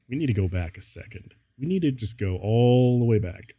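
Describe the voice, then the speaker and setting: A man's voice: mid-range voice, animated, a little fast, dark tone, breathy edge. Giggly man reading fan fiction aloud. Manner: giggly, breaks up laughing. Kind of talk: casual comedic reading.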